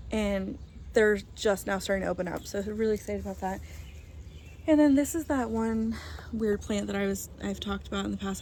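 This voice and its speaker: A woman chatting casually while she walks through her backyard garden and chicken coop. She rambles, laughs often, and coos softly to her hen. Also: mid-range voice, a little hiss or hum. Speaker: vlogger giving a garden tour. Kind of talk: casual chat.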